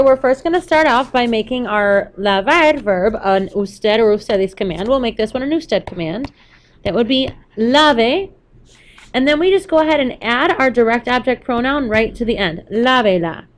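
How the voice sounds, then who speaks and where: A woman's voice: a little high, lively intonation, normal speed. Patient woman teacher explaining step by step. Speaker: Spanish teacher. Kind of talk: recorded classroom lesson.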